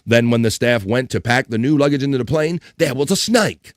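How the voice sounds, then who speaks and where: A man hosts a laid-back live stream, cracking jokes as he reads out news articles and viewer comments. His voice sits at a mid pitch and the sound is dry and close, with no room echo. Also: a little fast. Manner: joking, reads chat comments and articles aloud, laughs often. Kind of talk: casual joking chat and reading news aloud.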